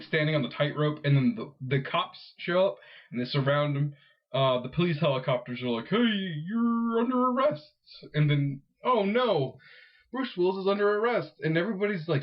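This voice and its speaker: A man's voice: a little high, highs cut off. A man co-hosting a podcast, telling a rambling comic story with many fillers. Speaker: podcast co-host. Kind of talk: casual comedic storytelling.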